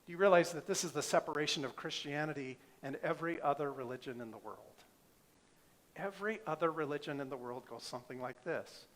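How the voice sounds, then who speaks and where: A man's voice: fairly high pitch, brisk, a bit bright. A middle-aged male pastor preaching a sermon, emphatic, asking the congregation rhetorical questions.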